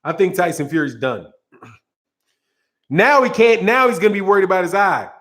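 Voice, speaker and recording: A man with a high voice rants about boxing in a loose, casual way. He rambles and repeats himself, and his sarcasm keeps breaking into laughter. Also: lively intonation, moderate pace, a bit bright. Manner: sarcastic, mocking. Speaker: boxing channel host.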